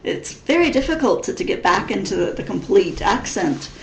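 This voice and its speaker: This vlogger, a Missouri woman in her thirties with an American accent blended with English, chats in a rambling Q&A style and keeps restarting her sentences. She sounds very animated, with a medium-pitched, gravelly voice at a moderate pace, over slight background noise and a roomy echo.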